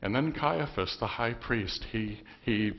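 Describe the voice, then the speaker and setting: A man's voice: mid-range voice, a little slow, lo-fi sound. A man preaching a sermon as pastor, telling the story conversationally with emphatic bursts. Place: church.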